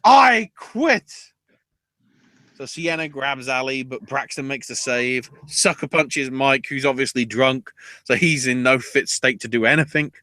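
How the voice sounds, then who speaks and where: Man, podcast host, animated profane recap, bright voice. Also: mid-range voice, normal speed, no echo. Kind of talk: casual wrestling recap.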